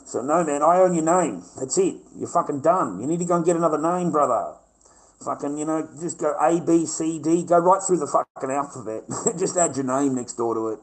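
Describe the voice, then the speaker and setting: Brief: middle-aged Australian man, fairly high-pitched, rough-tongued livestream ranter, combative and profane. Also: fairly quick, poor audio. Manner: brash, combative, swearing constantly.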